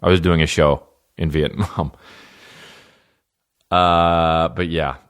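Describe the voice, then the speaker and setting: Low-voiced, profane male comedy podcaster. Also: steady tone, takes it slowly, fairly bright tone, smooth. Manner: profane, sarcastic, jumps into mocking voices. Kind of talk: solo comedy podcast monologue.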